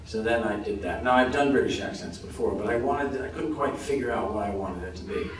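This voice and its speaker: An American man answering audience questions on a convention panel, relaxed and self-deprecating, laughing often. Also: medium pitch, a little fast. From United States. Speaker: actor guest on a convention panel. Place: large convention hall with audience. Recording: very echoey hall from far off, noisy.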